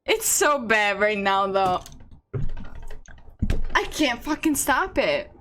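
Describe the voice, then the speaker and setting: A woman's voice: fairly high pitch, very animated, slow, fairly bright tone, slight background noise. A young woman streaming a game, hiccuping, giggling and swearing in casual chat.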